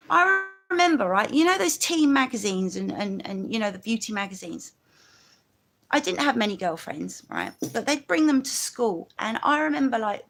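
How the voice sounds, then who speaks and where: London woman, live-stream host, chatty and rambling, slightly high-pitched. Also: vocal fry, a bit bright. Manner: rambling and chatty, full of "you know" asides. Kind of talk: casual live-stream monologue.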